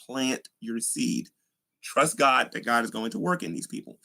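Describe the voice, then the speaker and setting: A man's voice: medium pitch, normal speed, gravelly, bright, forceful tone. Rambling earnest evangelist man. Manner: rambling, earnest, many fillers. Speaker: Christian YouTuber, street evangelist. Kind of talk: casual preaching talk.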